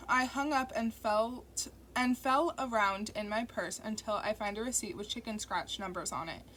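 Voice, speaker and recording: A woman narrating a novel as an audiobook in first person, with steady, intimate storytelling. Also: on the high side, moderate pace. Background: faint construction noise.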